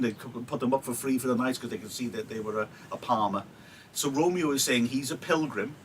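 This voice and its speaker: A man's voice: medium pitch, fairly bright tone, slight background noise, rough recording. A male teacher, giving a chatty live-streamed literature lesson and checking in with "yeah?" asides. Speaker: English teacher.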